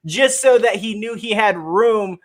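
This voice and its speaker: Male co-host, high voice, friendly, rambly casual chat. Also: measured pace. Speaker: podcast co-host.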